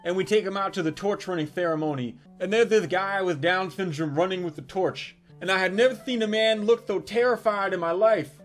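A young adult man telling a crude comic story in an animated, irreverent way with punchy delivery. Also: sits high, fairly quick, hardly any pauses, soft background music. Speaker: comedic storyteller.

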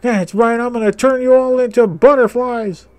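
A man's voice: very high-pitched, steady tone, moderate pace, darkish tone, pitched above the performer's own voice. A man voicing a bullying male drill sergeant in a video game walkthrough, barking insults and threats.

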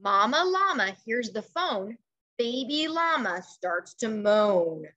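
A woman teacher reading a picture book aloud to children over a video call, expressive and coaxing, pausing to ask questions. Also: a little high, highs cut off.

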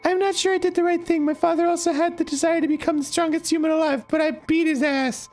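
A man in falsetto doing a squeaky teenage girl. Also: level tone, fast, darkish tone, faint music behind. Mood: boastful. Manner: squeaky falsetto reading of girl characters' lines.

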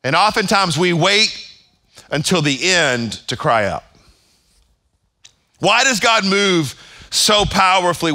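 Male pastor, sermon delivery: bright, forceful tone, slightly high pitch, emphatic repetition. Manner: emphatic preaching with repeated phrases. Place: church service.

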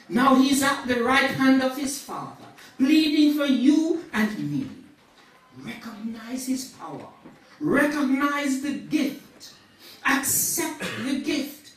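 Woman preacher, lively dramatic sermon, slow delivery, echoey church hall, distant mic. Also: sits high. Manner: dramatic storytelling, acting out dialogue, rising to fervent cries. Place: church sanctuary.

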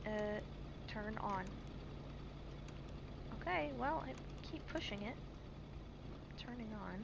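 A woman's voice: on the high side, animated, slow, vocal fry. A woman streamer giving chatty, jumpy live commentary while playing a survival game, reading on-screen text aloud. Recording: dull stream mic with faint hiss.

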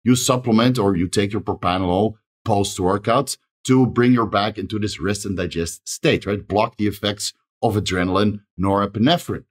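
A man hosting his own channel, delivering a fast solo advice monologue and rattling off lists of dosages, often tagging lines with "right?". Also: lowish voice. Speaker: channel host giving advice.

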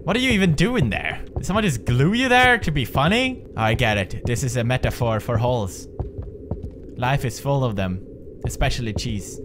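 A man's voice: mid-range voice, sing-song, normal speed, music in the background. A man doing horror game commentary, jumpy, sarcastic and profane. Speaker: gaming video creator.

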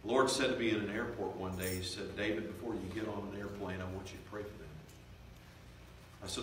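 Booming preacher in an echoey church. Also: male voice, little pitch movement, distant mic, a little hiss or hum. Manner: swells loud and slow for emphasis, drops to quiet confiding tones. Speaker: revival preacher. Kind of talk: sermon. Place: church sanctuary.

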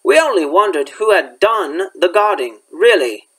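A man's voice: high-pitched, unhurried, breathy edge, exaggerated voice. A man reading as a clever, coaxing schoolgirl. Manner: coaxing, flattering. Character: clever bossy schoolgirl, persuasive. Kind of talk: reading a chapter book aloud.

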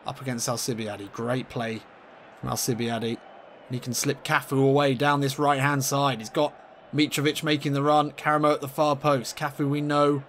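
Excitable man doing game football commentary. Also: a little hiss or hum. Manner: excitable, jumps high in pitch at chances, laughs often. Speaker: gaming YouTuber commentating his own match. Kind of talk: playful mock football commentary over gameplay.

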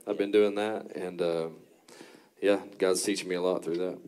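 A man, a worship pastor as guest, sharing reflectively with halting fillers. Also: low voice, steady tone, darkish tone. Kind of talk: casual testimony chat.

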